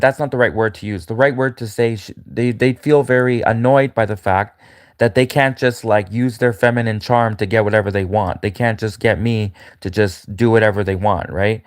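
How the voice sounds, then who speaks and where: A man's voice: fairly low pitch, no room sound, studio quality. A man talking casually on a live stream, rambling and repeating himself, often restarting sentences. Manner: rambling, repetitive, frequent restarts.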